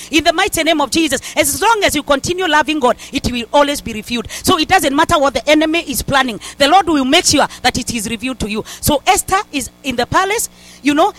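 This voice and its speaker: A high-voiced woman preaching a fervent sermon. She exhorts her listeners, circles back to the same refrains, and often restarts her sentences mid-phrase. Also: a bit bright, rough recording. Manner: fervent, repeats "in the mighty name of Jesus", stumbles and restarts.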